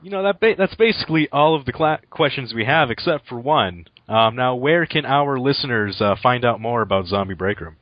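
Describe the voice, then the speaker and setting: A man's voice: medium pitch, animated, a little fast, few pauses, no echo, highs cut off. A man from Canada hosting a casual podcast interview and talking hesitantly, with many ums. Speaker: podcast host.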